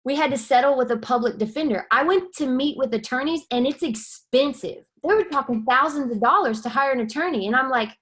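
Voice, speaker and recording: A woman's voice: high-pitched, a little fast, few pauses, a bit bright. A young woman, giving a candid personal testimony and acting out quoted dialogue as she tells it. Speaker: guest sharing her testimony.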